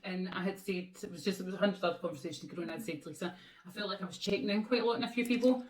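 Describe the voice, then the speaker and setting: Chatty Scottish woman co-hosting a makeup vlog; teasing and quick to laugh; mic off at a distance in an echoey salon. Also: mid-range voice, a crowd in the background. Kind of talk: casual chat while doing makeup. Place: beauty salon, indoors.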